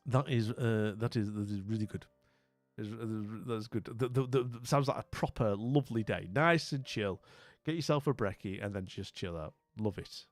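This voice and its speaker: A man's voice: fairly low pitch, moderate pace, dry recording, soft background music. A man from northern England, a streamer with a northern English accent, chatting casually and rambling, with restarts and friendly greetings, a bit weak after being ill. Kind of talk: casual live-stream chat.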